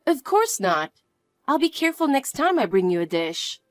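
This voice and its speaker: A woman voicing a polite, patient young wife who speaks softly and apologetically. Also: high-pitched, big pitch swings, normal speed, dry recording, clean studio sound. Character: polite, patient young wife, a put-upon daughter-in-law. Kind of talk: dramatized story dialogue.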